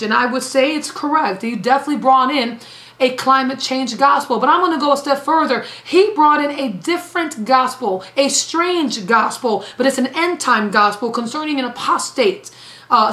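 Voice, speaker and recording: A woman's voice: sits high, moderate pace, a bit bright. A woman evangelist preaching a sermon emphatically, repeating phrases for stress. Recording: roomy echo.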